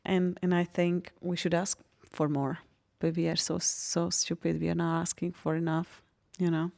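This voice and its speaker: A woman from Hungary, telling personal stories in a casual podcast chat, animated and laughing often. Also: on the low side, normal speed, creaky. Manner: animated storytelling, laughs often, frank and expressive.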